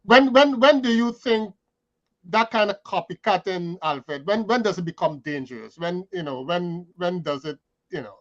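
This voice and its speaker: A man's voice: high voice, lively intonation, normal speed, dull audio. A man hosting a chat show, asking guests questions in an encouraging way. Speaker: host. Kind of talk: casual chat, interviewing.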